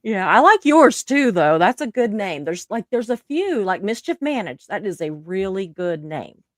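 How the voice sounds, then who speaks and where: A woman's voice: mid-range voice, big pitch swings, moderate pace, no room sound, studio quality. A woman with a Southern American accent hosting a casual live stream, reading viewer comments aloud and laughing often. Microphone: live stream mic.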